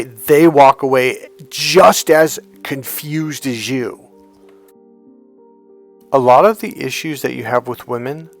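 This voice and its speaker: A man coaching on dating in a blunt, profane monologue, telling animated stories. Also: mid-range voice, creaky. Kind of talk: monologue to camera.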